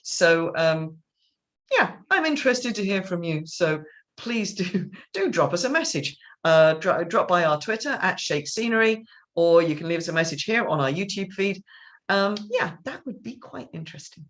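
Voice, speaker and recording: A woman's voice: fairly low pitch, very animated, normal speed. A woman directing a theatre company, chatting casually over a video call and often restarting her sentences. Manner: rambling, chatty, with many restarts and laughs. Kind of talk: casual chat.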